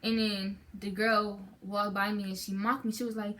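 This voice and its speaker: A woman's voice: medium pitch, fairly even intonation, moderate pace, sharp tone. A teenage girl chats to her channel, telling a story in a loose, rambling way. She keeps stopping to restart her sentences, and she fills the gaps with "like" and "um". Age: teens. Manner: chatty, rambling with many fillers and restarts. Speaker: vlogger. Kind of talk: casual storytime chat.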